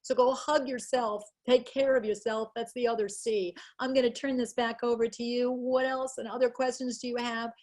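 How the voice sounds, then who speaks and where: A woman's voice: fairly high pitch, little pitch movement, normal speed, hardly any pauses, a little mellow. Earnest woman giving a webinar talk, gets emotional telling stories, on a video call. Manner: earnest, emotional, acts out quotes. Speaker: guest speaker, educational psychologist.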